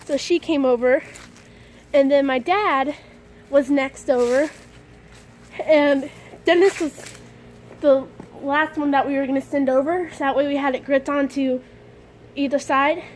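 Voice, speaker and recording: A young woman casually telling a story to her vlog camera, excitable and a bit dramatic, often giggling. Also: high voice, a little slow, long pauses, a little hiss or hum. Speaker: vlogger.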